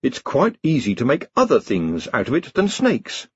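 A sly wizard, played by a man coaxes along in a wry, husky tone. The recording is dull and dry. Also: mid-range voice, huge pitch swings, moderate pace, no room sound, voice pushed up, full character voice.

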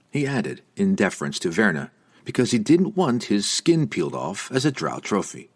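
A man narrating a fantasy audiobook in an expressive, dramatic way. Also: fairly low pitch, moderate pace, slightly rough.

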